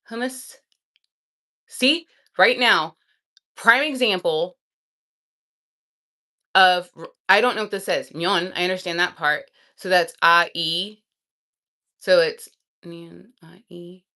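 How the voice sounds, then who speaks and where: A woman vlogger chatting casually and thinking aloud, excitable and quick to laugh. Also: lowish voice, gravelly.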